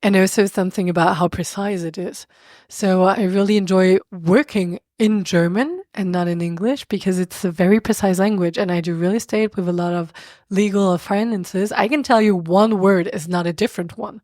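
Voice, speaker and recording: A woman speaks English with a French accent in a relaxed podcast chat, her voice sitting in a middle range. She talks animatedly, stopping to hunt for words before pushing on. The recording is dry and close, with no room sound. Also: mid-range voice, normal speed, dry recording. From France. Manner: animated, searching for words, laughs often. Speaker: podcast guest. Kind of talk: casual conversation.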